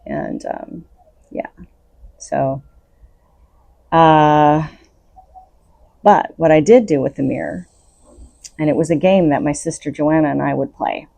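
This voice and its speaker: Her voice is deep and dark with vocal fry, slow and full of frequent pauses, and there is no room sound. As host of her own podcast, she gives earnest, coaching spiritual self-help talk unscripted, laughing between thoughts.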